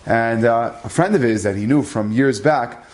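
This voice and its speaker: A rabbi tells an inspirational story, lively and conversational, dropping in Hebrew terms as he goes. His male voice sits at a medium pitch and keeps a normal speed.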